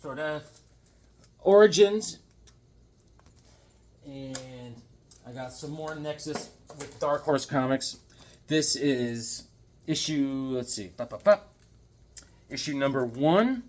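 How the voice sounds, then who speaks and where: A man's voice: mid-range voice, slow pace, pauses often, a little mellow. Laid-back slangy man showing comics. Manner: laid-back slang-heavy chatter, calls viewers man and dude. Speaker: comic book collector. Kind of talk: casual comic haul vlog.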